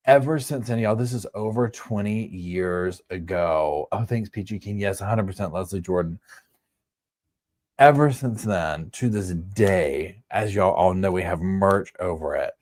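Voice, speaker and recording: A man's voice: fairly low pitch, lively intonation, moderate pace, a little mellow, no echo, clean studio sound. A man in his forties hosting a livestream from home, telling a casual, rambling story full of "like" and "you know.". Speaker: livestream host.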